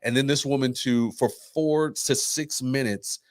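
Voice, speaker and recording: Animated man telling a story on a podcast. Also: medium pitch, measured pace, no echo, studio quality. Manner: animated storytelling, acts out quoted voices. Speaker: podcast co-host. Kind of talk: casual chat.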